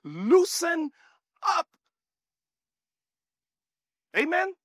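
High, bright-voiced male preacher. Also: slow, no echo, studio quality. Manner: animated call-and-response, bursts of shouting. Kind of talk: sermon.

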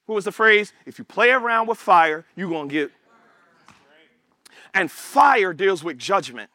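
A male preacher with a high, bright, forceful voice, delivering an animated sermon. He calls out to the congregation and acts out prayers in quoted voices. The sound is dry and close, with little room behind it. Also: unhurried, pauses often, no room sound. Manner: animated, call-and-response preaching.

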